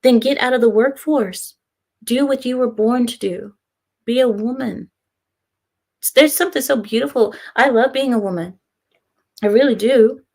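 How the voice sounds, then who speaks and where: A woman's voice: a little high, normal speed, pauses often, a little mellow. A young woman talks casually on a live stream, sharing her opinions with emphatic conviction. She reads viewer comments aloud and often laughs between her remarks. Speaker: live-stream host reading chat.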